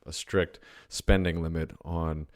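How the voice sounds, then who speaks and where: Very deep, flat-voiced man. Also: no echo, clean studio sound. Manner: measured, stumbles on starts with fillers. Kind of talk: casual podcast discussion.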